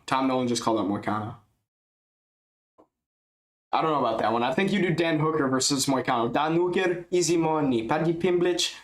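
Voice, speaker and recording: A man streaming casual live fight commentary, excitable and rambling as he thinks out loud. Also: medium pitch.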